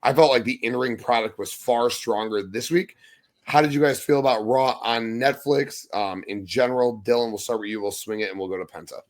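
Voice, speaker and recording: Man, podcast host, casual wrestling chat, mid-range pitch, upbeat, jokey, swears freely. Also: a little fast.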